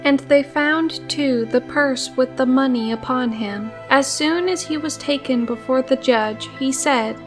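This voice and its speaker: Slow, high-voiced woman storyteller. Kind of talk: fairy tale reading. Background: faint background music.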